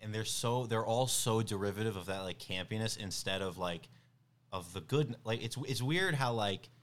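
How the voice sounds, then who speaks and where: A young man with a slightly low voice, guest on a casual podcast. He talks in an animated, loose way, laughing often and saying "like" constantly. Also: normal speed. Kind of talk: casual chat.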